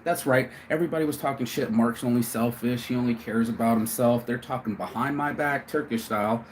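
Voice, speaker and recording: A man's voice: mid-range voice, fairly quick, slight background noise. A man from the United States talks to his camera in a profane storytelling rant, acting out what other people said to him. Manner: swears freely, acts out other people's lines. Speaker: vlogger. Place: abroad, telling a story to camera.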